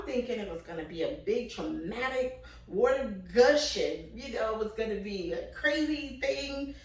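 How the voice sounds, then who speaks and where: A woman's voice: fairly high pitch, moderate pace. A young woman telling a comic story with laughs and acted-out voices, casually. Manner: animated, laughing, acts out quoted voices. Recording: echoey room, mic at a distance.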